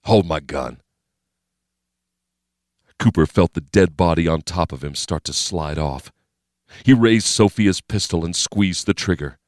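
A man giving scripted narration of a thriller as an audiobook narrator, in a steady, measured, dramatic reading. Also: sits low.

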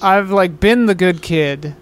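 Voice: mid-range voice, slow pace. A player chatting loosely and laughing often while sorting out characters for a tabletop game. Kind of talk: casual chat setting up a tabletop game.

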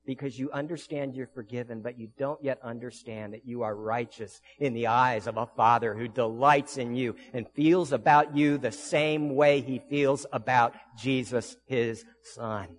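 A man preaching as pastor, telling stories with earnest conviction and frequent restarts. His voice sits at an ordinary middle pitch. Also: steady tone, normal speed. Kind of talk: sermon.

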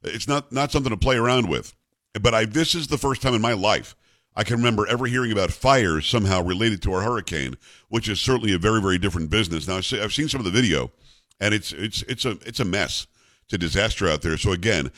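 A talk radio host who grew up in South Florida speaks in a fairly low, slightly bright voice with no echo. He delivers emphatic, opinionated commentary, ranting in rapid-fire fashion.

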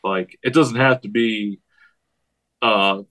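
A high school head football coach talking casually on a podcast, rambling and acting out what he yells at his players. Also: slow. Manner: rambling, animated storytelling with quoted yells.

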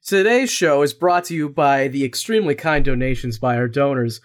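A man's voice: medium pitch, normal speed. A man co-hosting a casual podcast, dry and teasing, laid-back. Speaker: podcast co-host.

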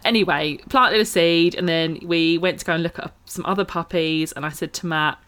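A woman's voice: lowish voice, normal speed, fairly bright tone, clean tone. A woman co-hosting a podcast, chatting casually and telling stories with frequent laughter. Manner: chatty, storytelling, laughs often. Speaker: podcast co-host.

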